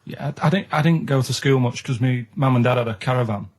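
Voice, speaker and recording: A man with a Manchester accent speaks on a studio microphone in casual radio chat. His voice sits at an ordinary middle pitch, and his delivery is deadpan and unhurried, broken up by frequent ums and restarts. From Manchester, England. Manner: deadpan, halting, with many ums. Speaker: regular on a comedy radio show.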